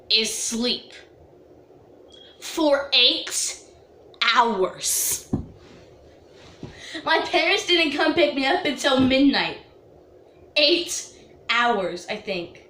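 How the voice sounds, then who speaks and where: Animated young woman telling a storytime. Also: slow pace, long pauses, reverberant, a little hiss or hum. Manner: dramatic, reenacts herself wailing in a high voice; chatty, lots of "like". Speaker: vlogger. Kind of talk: storytime vlog.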